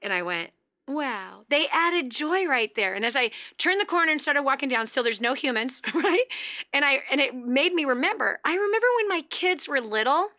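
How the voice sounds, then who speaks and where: Bright, high-voiced chatty woman host. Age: middle-aged. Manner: animated, laughing often, chatty. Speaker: radio show host. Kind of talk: motivational talk.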